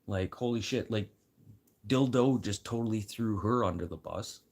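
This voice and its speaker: Deep-voiced guy, blunt and rambling, swears constantly in a loose rant. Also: normal speed, vocal fry, a little mellow. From Manitoba. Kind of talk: casual rant.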